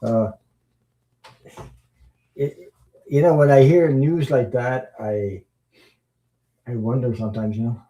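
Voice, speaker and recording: A man hosting a tarot livestream, chatting casually with viewers in a rambling, halting way, with many fillers and chuckles. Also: medium pitch, mellow, rough recording. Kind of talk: casual livestream chat reading viewer comments.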